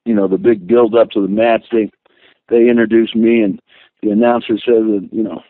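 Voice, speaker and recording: Older male guest, deep-ish voice, rambling storyteller on a tinny phone line. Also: moderate pace, no room sound. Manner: rambling, animated anecdotes with many restarts. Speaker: guest, former wrestler. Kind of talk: storytelling interview.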